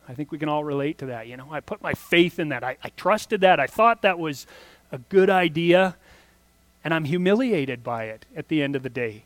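A man's voice: a little high, lively intonation, normal speed, no room sound. A man preaching a conversational sermon, explaining scripture with casual asides and restarts. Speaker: pastor.

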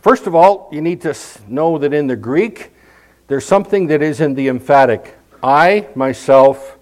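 A man's voice: mid-range voice, a little mellow, rough recording. A middle-aged male pastor preaching a conversational sermon, with emphatic scripture readings.

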